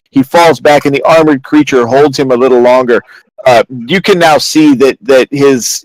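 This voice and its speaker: A man narrating a tabletop game as game master, halting and dramatic with many restarts. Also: medium pitch, dry recording, poor audio.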